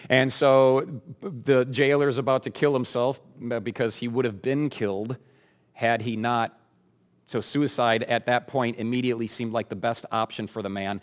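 A man's voice: mid-range voice, steady tone, normal speed. Man preaching a conversational, emphatic sermon. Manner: conversational, emphatic, with wry asides to the congregation. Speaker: pastor. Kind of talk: expository sermon.

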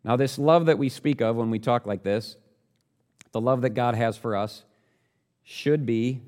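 Preaching with a low-leaning voice, this man speaks earnestly and directly, questioning his audience and building in volume whenever he hammers home a point.

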